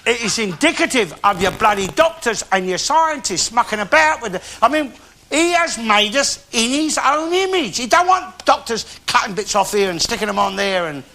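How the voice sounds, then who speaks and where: Alf Garnett, a blustering old grump. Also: male voice, very high voice, sing-song, full character voice. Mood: grumbling. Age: older. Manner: blustering, grumbling, quick to swear. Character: cantankerous old working-class London bigot. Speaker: comedy character in a live audience show. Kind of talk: stand-up monologue to a studio audience. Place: TV studio before a live audience. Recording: TV studio with loud audience laughter.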